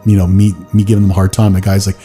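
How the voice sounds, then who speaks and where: Here the host's low, warm, slightly rough voice races along very fast and completely flat, soft music underneath. He rambles through casual stories packed with "like" and drops into goofy voices.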